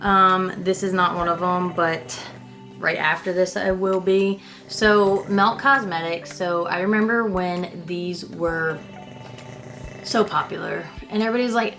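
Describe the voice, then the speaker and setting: A woman's voice: fairly low pitch, steady tone, moderate pace, a bit bright, faint music behind. A young woman vlogger chatting casually about her makeup, rambling and self-deprecating, with casual swearing. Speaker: beauty vlogger. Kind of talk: casual makeup declutter chat.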